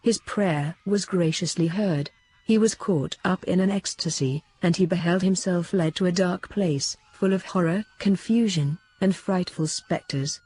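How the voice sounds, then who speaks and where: A woman reading a devotional book aloud as an audiobook narrator, in a steady, measured way. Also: fairly low pitch, breathy edge. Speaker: audiobook reader.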